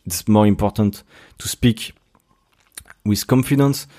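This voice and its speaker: Young French-accented podcast host, low pitch, halting casual delivery. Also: male voice, warm tone. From Brittany, France. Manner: hesitant, many restarts and fillers. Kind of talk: casual solo podcast monologue.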